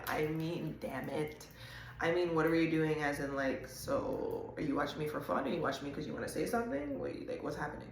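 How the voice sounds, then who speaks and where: A woman hosts a casual intuitive reading, talking to viewers in a chatty, animated way with quick asides. Her voice sits a little low. The room gives it a noticeable echo, with a faint hum of ambience. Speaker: host.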